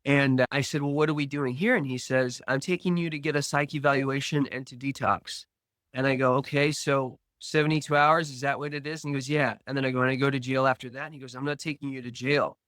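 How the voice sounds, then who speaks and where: A man, a guest on a podcast, slowly and earnestly telling a personal recovery story, acting out remembered dialogue. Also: medium pitch, fairly even intonation, a bit bright, dry recording.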